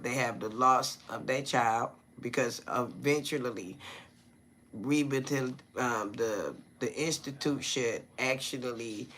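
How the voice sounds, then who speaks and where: Guy going live on his phone, bright forceful voice, slangy and chatty, always checking "you feel me?" and saying hi to folks in the chat. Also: mid-range voice. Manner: chatty, keeps asking viewers "you feel me?"; greets viewers by name mid-talk. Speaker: live-stream commentator. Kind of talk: casual live-stream talk.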